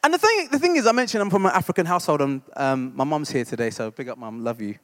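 Quick, animated and fairly bright in tone, a high-voiced East End church discipleship leader preaches through humorous anecdotes. He talks conversationally, jokes at his own expense, keeps asking "right?", and long reverb follows him.

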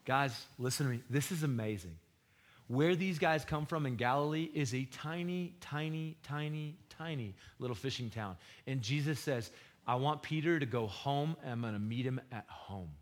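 A man preaching with loud and hushed swings. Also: moderate pace. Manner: swings from loud bursts to hushed low retellings; conversational, slangy preaching. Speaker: pastor. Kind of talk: sermon.

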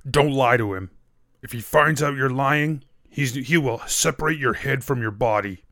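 A man voices a blunt orc camp guard who talks curtly and plainly in a stern mood. His medium-pitched, fairly bright voice at normal speed sounds close to everyday speech, recorded in studio quality with no room sound.

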